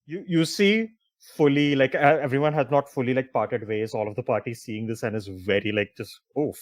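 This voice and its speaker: A man narrating a tabletop game as game master, halting with many fillers. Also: mid-range voice, no echo, studio quality.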